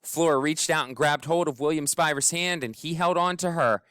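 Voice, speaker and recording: A man narrating an audiobook in an expressive, wry storytelling manner. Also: fairly high pitch, moderate pace, smooth, no echo, clean studio sound. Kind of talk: scripted narration.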